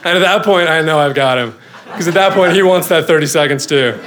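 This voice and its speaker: A middle-aged father tells a story to a live audience, his voice sitting a little high for a man. He lands wry, self-mocking beats with quick comic timing. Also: background noise. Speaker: father telling a personal story.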